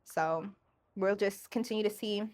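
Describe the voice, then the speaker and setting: A woman hosting her own podcast in a casual solo monologue, animated and profane, often acting out other voices. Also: mid-range voice, measured pace. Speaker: podcast host.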